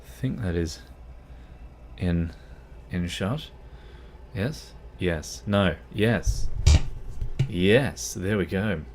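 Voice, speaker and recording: A man's voice: low-pitched, extremely slow, noisy background. A man chatting casually on a gaming livestream, rambling and easily distracted. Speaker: streamer.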